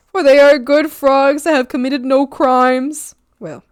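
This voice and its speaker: Playful high-voiced woman streamer. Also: fairly even intonation, unhurried, dry recording, studio quality. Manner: playful, silly, bursts into squeals and laughter. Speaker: art streamer. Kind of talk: casual chat with live viewers.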